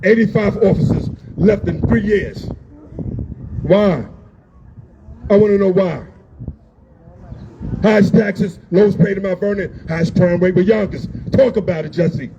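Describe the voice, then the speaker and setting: Fiery man yelling at a street rally. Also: high-pitched, normal speed, hardly any pauses. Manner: emotional, yelling, blunt and repetitive. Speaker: rally speaker. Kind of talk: impassioned outdoor rally speech. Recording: dull lo-fi sound with faint noise.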